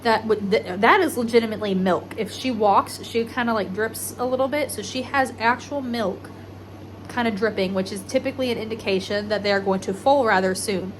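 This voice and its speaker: A woman filming a casual vlog while walking a horse barn at midnight, speaking quietly and often whispering so she won't disturb the mares. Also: on the high side, a little fast, slight background noise. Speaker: horse breeder vlogger. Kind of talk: casual vlog, hushed late-night barn walk. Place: dark horse barn at night.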